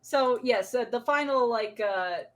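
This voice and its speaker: A woman hosts a casual podcast chat with an animated, laughing delivery. Her voice sits a bit higher than most, and she often restarts a sentence when she gets excited. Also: unhurried. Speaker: podcast host.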